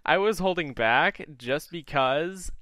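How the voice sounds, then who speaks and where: A man's voice: fairly high pitch, lively intonation, slow pace, pushed and bright, no echo, clean studio sound. A man co-hosting a podcast, chatting in an easygoing, supportive way with frequent giggles. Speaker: podcast co-host. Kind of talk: casual chat.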